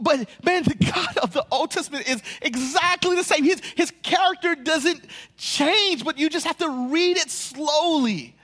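High-voiced animated male pastor preaching. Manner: animated, repeats words, quick bursts and slow emphatic phrases. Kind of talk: sermon.

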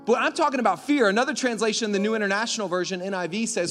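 High-voiced, energetic male preacher. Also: racing, hardly any pauses. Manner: energetic, rising to near shouts. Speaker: pastor. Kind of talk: sermon. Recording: echoey hall with faint music.

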